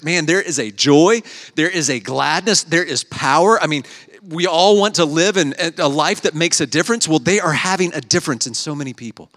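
A man's voice: on the high side, a little fast, a bit bright. Conversational man preaching in a reverberant hall. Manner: conversational, storytelling with acted quotes. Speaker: pastor. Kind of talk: sermon.

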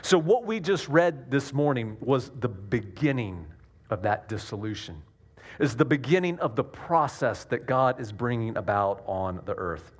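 Joking Southern pastor preaching. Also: male voice, mid-range voice, animated, unhurried. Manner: earnest, self-deprecating, restarts often. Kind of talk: sermon with jokes.

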